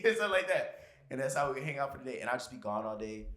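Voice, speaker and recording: A man's voice: medium pitch, animated, fast, fairly bright tone. A man from Florida co-hosting a podcast, telling childhood stories in loose, laughing casual chat. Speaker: podcast co-host.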